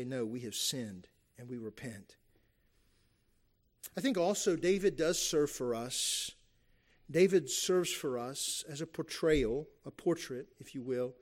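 A man preaching a sermon, earnest and emphatic, asking his listeners rhetorical questions and briefly acting out what people say. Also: on the high side.

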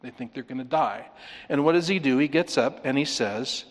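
A man preaching an expository sermon, animated, acting out the voices of the people he talks about. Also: mid-range voice, normal speed, in a large hall. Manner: animated, acts out voices of the disciples. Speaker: pastor.

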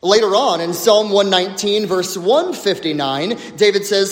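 A man, a pastor preaching a sermon, who speaks emphatically with slow, dramatic pauses and drops to a low hush on key words. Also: animated. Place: church sanctuary. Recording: echoey hall with long reverb.

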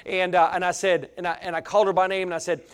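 High-voiced man preaching with big swings. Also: level tone, fast talker, smooth. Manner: emphatic, swings from shouting to quiet asides; folksy, plain-spoken with humor. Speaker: pastor. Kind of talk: sermon.

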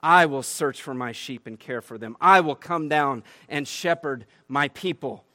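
A man's voice: fairly high pitch, unhurried, sharp tone, no echo, studio quality. A man preaching a sermon. He reads scripture aloud with rising emphasis and breaks off into conversational asides that end in "right?". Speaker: pastor.

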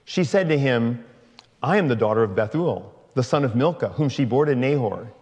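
A man reading a long scripture passage aloud in a slow, measured way. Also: medium pitch, lively intonation, darkish tone, long reverb tail. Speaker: scripture reader.

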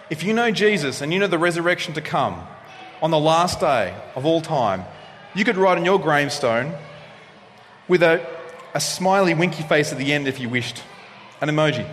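A male pastor delivering a sermon, preaching expressively and swinging from loud passages to hushed ones. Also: on the high side, expressive, normal speed. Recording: long reverb of a hall, faint noise.

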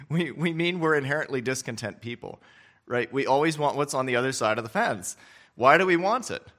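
A man preaching a sermon in a conversational way, often checking in with the listeners with quick questions and repeating words as he restarts his phrases. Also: mid-range voice, lively intonation, a bit bright. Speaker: pastor.

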